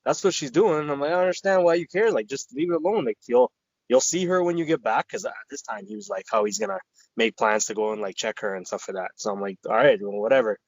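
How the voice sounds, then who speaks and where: A man's voice: mid-range voice, fast, dry recording, dull audio. A man co-hosting a podcast, telling a rambling, profane story and acting out his friends' lines. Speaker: podcast co-host. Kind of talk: casual storytelling chat.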